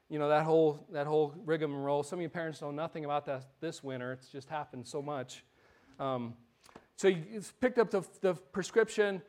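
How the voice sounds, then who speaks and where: A male pastor preaching in a church, in a conversational storytelling way that often repeats words. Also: sits high. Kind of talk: sermon.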